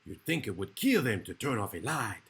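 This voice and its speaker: A man's voice: on the low side, very animated, a little fast, gravelly, fairly bright tone, slightly rough, exaggerated voice. A man voicing a fussy, gloomy young male vampire in a storybook, complaining.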